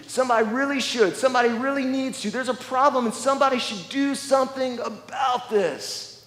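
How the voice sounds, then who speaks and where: A man's voice: high voice, normal speed, a bit bright. A man preaching a sermon as pastor, emphatic, often repeating words and restarting phrases. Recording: long echoey church hall reverb.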